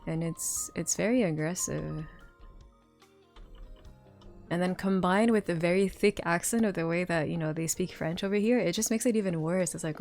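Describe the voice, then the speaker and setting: A woman's voice: lowish voice, normal speed, darkish tone. A woman streamer chatting casually with viewers, rambling with lots of fillers and restarts. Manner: rambling, many fillers and restarts, laughs often. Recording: faint music underneath.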